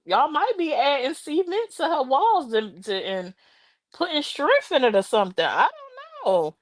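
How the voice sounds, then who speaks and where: A woman's voice: high-pitched, moderate pace, no room sound. Sassy, tired woman talking while out walking. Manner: sassy, animated, slangy and drawling. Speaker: livestream host. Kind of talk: casual chat to viewers. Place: outdoors walking a dog in the rain.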